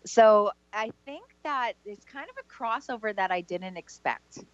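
A woman's voice: mid-range voice, unhurried, dry recording. Canadian lady cohost, kinda muffled dry line, rambles and says like a lot. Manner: rambling, hedging, full of "like". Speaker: psychic medium co-host. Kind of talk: casual call-in radio chat.

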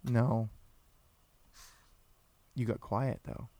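Prowadzący podcastu, mężczyzna: żartobliwy, często się śmieje, czyta komentarze widzów; nagranie suche, bez pogłosu. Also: male voice, medium pitch, flat delivery, very slow, warm tone, no echo. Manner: joking, laughs often, reads viewer comments aloud. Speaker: podcast co-host. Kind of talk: casual live-stream chat.

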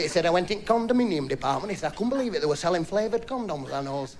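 A man's voice: high voice, expressive, moderate pace, pauses often. Bloke doing stand-up, puts on voices for his jokes, live gig with a noisy crowd laughing. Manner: broad dialect storytelling, acts out characters' lines. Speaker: stand-up comedian. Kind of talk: stand-up comedy routine. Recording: live club recording, loud crowd laughter and noise.

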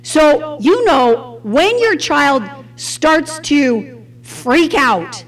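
A middle-aged woman with a Southern US accent teaching a Bible lesson. She talks in an animated way and acts out the quotes she tells. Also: sits high, very slow. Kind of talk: sermon.

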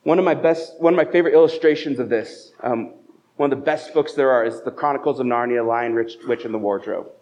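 A little fast and darkish in tone, this pastor's mid-range voice carries a conversational church sermon packed with stories and rhetorical questions. The recording has a muffled, lo-fi quality.

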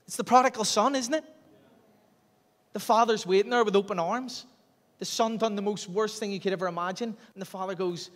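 Chatty preacher, hall echo. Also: male voice, high voice, moderate pace. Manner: chatty, self-deprecating, laughs often. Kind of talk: sermon. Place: church hall. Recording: long hall reverb.

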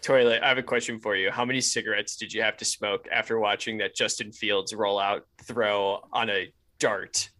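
A man's voice: lowish voice, steady tone, normal speed, few pauses, bright, forceful tone, no echo. A man co-hosting a casual podcast, rambling and laughing a lot. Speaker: podcast co-host. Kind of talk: casual chat.

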